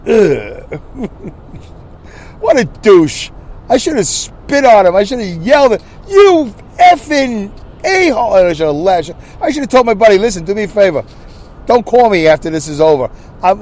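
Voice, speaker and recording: A male podcast host tells a story in a lively, exasperated rant. His fairly high voice jumps up and down as he restarts his sentences, keeping a casual, talk-to-the-listener tone. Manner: animated, exasperated ranting with repeated restarts.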